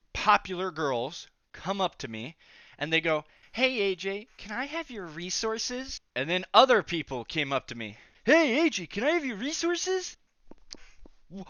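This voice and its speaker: A young man spins a rambling school story in a bright, forceful voice, padding it with fillers and asides. The sound is dry and slightly dull, as from a modest home mic. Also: medium pitch, no room sound. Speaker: storytelling vlogger. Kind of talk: casual storytime narration.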